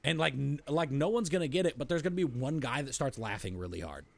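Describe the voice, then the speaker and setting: A man's voice: mid-range voice, expressive, creaky. A man co-hosting a podcast, telling rambling crude stories in casual chat. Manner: rapid rambling storytelling, crude. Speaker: podcast co-host.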